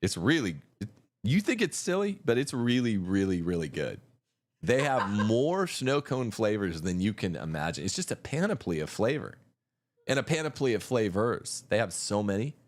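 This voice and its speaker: Male livestream host, combative and mocking, lively swinging pitch. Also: normal speed. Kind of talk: livestream commentary.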